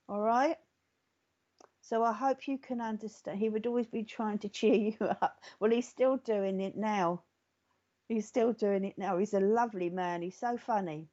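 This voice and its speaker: Sex: woman. Role: psychic medium. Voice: mellow, dull lo-fi recording. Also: mid-range voice, normal speed. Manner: reassuring, often checks in with "okay?" and "all right?". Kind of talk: live mediumship reading.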